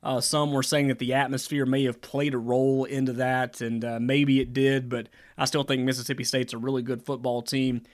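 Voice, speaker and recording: A man's voice: medium pitch, little pitch movement, brisk, few pauses. A man hosting a sports podcast in casual chat, asking long rambling questions full of fillers. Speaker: podcast host.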